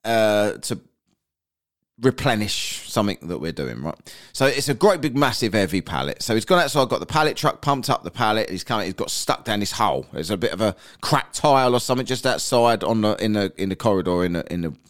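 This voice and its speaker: A man's voice: fairly low pitch, big pitch swings, a little fast, a bit bright. A man, a podcast host telling crude comic stories from daily life. He swears a lot and keeps checking in with "right?". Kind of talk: comic anecdote storytelling.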